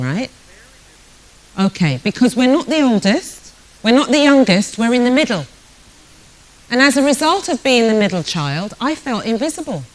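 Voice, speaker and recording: A woman's voice: mid-range voice, a little mellow, rough recording. A British woman in her sixties, a networking speaker giving a motivational talk, telling stories, joking and speaking straight to the audience. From Britain. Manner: storytelling, jokey, addresses the audience directly.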